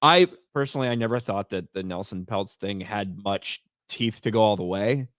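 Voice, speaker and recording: A man co-hosting a livestream in casual, wry conversation, teasing his partner and giving quick opinions. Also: fairly low pitch, a bit bright, no room sound, clean studio sound. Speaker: livestream co-host. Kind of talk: casual profane stream chat.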